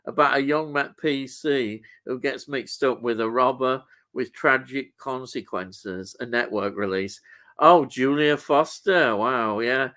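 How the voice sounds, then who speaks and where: A man's voice: medium pitch, unhurried, sharp tone. A middle-aged man hosting a casual chat, reading out viewer comments and agreeing often. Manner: reads out viewer comments, agreeable, many short yeahs. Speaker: host.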